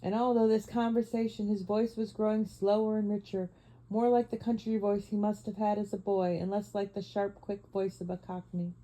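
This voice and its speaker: Woman audiobook narrator, measured and expressive, very dark warm tone. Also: medium pitch, poor audio. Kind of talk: audiobook reading.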